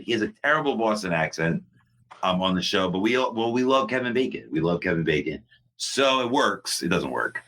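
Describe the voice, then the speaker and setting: A man co-hosting a podcast, rambling through casual chat with restarts and frequent laughs. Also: low-pitched. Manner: rambling, animated, laughs often. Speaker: podcast co-host.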